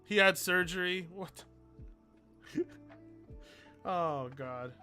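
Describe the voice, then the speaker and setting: Bright, high-voiced male streamer. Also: extremely slow, soft background music. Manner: rambling, swears freely, reads donations aloud. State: mellowed out. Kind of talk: casual livestream chat.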